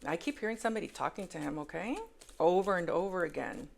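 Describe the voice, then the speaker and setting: Gravelly-voiced woman giving an emphatic tarot reading. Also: on the low side, fast, a little hiss or hum. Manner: emphatic, repeats words for effect; swings between hushed asides and loud exclaims. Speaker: tarot reader. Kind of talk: casual tarot reading monologue.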